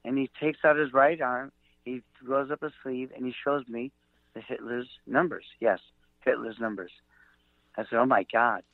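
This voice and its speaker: A middle-aged man, a comedian guest, telling a rambling story with halting fillers and restarts, acting out the quotes, over a tinny phone-like line. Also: medium pitch, fairly even intonation, gravelly, no echo.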